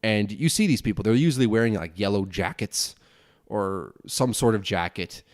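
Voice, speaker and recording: Fast-rambling young man, swearing casually. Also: on the low side, no room sound, studio quality. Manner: fast rambling talk, frequent swearing and restarts. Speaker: podcast host and broadcasting student. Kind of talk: casual solo podcast rambling.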